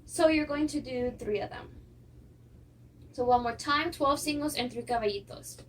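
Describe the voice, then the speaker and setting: A woman's voice: high voice, moderate pace. A young woman teaching a folk dance lesson, counting steps aloud, with small laughs and fillers. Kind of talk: instructional lesson. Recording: distant mic with clear noise.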